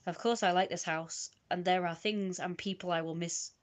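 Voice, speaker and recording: A British woman with a slightly low voice streams herself reading old diary entries aloud. She moves through the pages haltingly, tripping over her own old writing and picking the sentence back up. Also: steady tone. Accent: British English.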